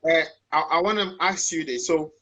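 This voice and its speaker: A man's voice: on the high side, normal speed, sharp tone, slight background noise. A man hosting a casual interview, affirming his guest and stumbling over his words as he asks questions. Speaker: interviewer host.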